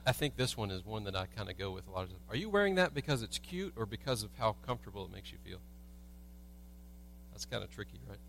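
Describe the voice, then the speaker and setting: Male pastor, mid-pitched, easygoing storytelling sermon with faint background hum. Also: fairly bright tone. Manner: conversational, humorous storytelling with rhetorical questions. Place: church sanctuary.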